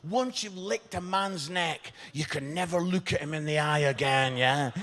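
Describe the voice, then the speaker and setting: A Scottish man in his fifties, a pastor telling comic stories in a sermon, animated and tagging his lines with "yeah?". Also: on the high side, normal speed. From Scotland. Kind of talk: sermon storytelling. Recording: reverberant church hall.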